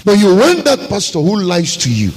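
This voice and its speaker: A man's voice: sits high, huge pitch swings, normal speed, darkish tone, slightly rough, poor audio. A man pastor, preaching a sermon with emphatic, rhetorical repetition.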